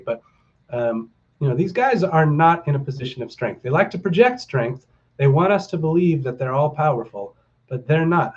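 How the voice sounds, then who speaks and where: Middle-aged man, rambling livestream host, upbeat and rallying, mid pitch, muffled lo-fi audio. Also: a little mellow. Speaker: stock market livestream host. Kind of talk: casual livestream chat to viewers.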